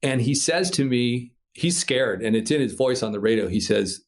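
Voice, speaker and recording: A man from Minnesota, a podcast guest, telling a story in a casual, animated way, swearing freely and laughing through the tense parts. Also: on the low side, normal speed, hardly any pauses. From Minnesota, USA. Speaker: podcast guest, paraglider pilot.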